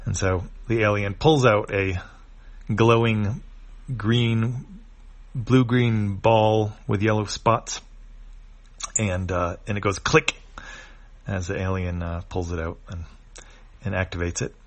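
Man, low voice, casual comic read-through, describing panels, a few fillers. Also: fairly even intonation, slow, pauses often. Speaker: comic reader. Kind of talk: reading a webcomic aloud, describing panels.

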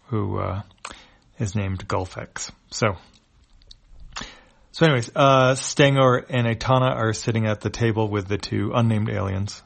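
A man narrates a webcomic panel by panel in an easygoing way. His voice is low with plenty of vocal fry, and he often pauses with fillers. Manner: casual, many fillers. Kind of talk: reading a webcomic aloud.

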